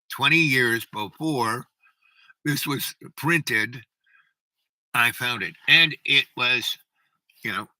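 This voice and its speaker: Older male streamer, rambling storyteller, very bright tone, dry close sound. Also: mid-range voice, no room sound, rough recording. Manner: rambling, keeps asking "right?". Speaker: livestream host. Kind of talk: rambling storytelling to a live chat.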